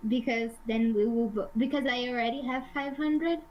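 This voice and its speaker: A woman's voice: fairly high pitch, normal speed, highs cut off, a little hiss or hum. A young woman playing a tabletop game, chatting casually with lots of fillers and frequent giggles. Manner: giggly, hesitant with many fillers. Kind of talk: casual in-character game chat.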